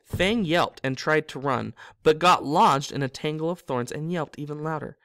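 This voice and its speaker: A man's voice: a little high, moderate pace, fairly bright tone, no echo, clean studio sound. A man reading a novel aloud as a storyteller, with small slips that he corrects himself. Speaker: reader.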